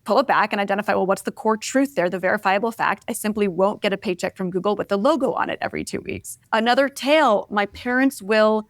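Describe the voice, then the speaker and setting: A woman in her forties, an interview guest, telling candid personal stories in an expressive, reflective way, often adding "like" and "right?". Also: mid-range voice, quick pace, few pauses, no room sound. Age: 40s. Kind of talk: candid conversational storytelling.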